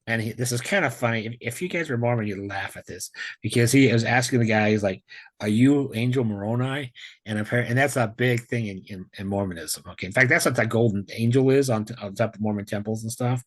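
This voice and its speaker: A man casually telling a long personal story on a video call, rambling with many restarts and getting animated when he quotes himself. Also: medium pitch, fast. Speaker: guest sharing a near-death experience.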